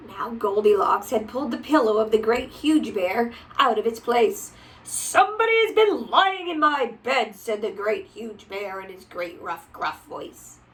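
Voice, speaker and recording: A woman reading a picture book aloud to a child, gentle and often dropping to a whisper. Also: a little high, recorded from a distance, a little hiss or hum, rough recording.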